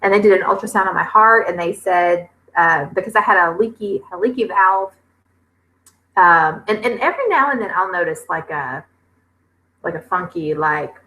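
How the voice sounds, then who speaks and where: A woman, chatting casually on a livestream and reading viewers' comments aloud, with lots of fillers and pauses. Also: lowish voice, pushed and bright, poor audio. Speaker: homestead vlogger hosting a livestream.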